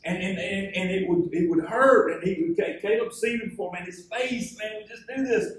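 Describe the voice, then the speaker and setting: A man's voice: high-pitched, moderate pace. A man preaching a sermon, telling stories and joking with the congregation. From Georgia, USA. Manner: storytelling, joking, animated. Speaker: pastor. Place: church hall. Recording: echoey hall from far off.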